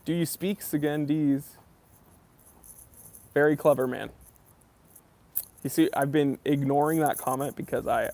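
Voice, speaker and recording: A man's voice: medium pitch, gravelly, a little mellow. A man hosting a casual live stream about watches, reading viewers' chat comments aloud and answering them in an easygoing, rambling way full of ums and uhs. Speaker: watch channel host.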